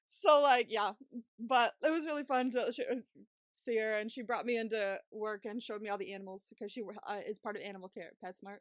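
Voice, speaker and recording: Young woman podcast host, chatty and giggly, swears a lot, slightly high voice, dry close sound. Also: a little fast, fairly bright tone, dry recording. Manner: chatty, swears freely, laughs often, many fillers. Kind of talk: casual storytelling chat.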